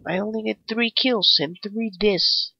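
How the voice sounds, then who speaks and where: A man's voice: high voice, measured pace, creaky, lo-fi sound, slight background noise. A man doing let's play commentary in a put-on Russian accent. He speaks broken English and brags and giggles through it. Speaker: gamer. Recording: game gunfire loud behind voice. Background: shooter game sounds and gunfire.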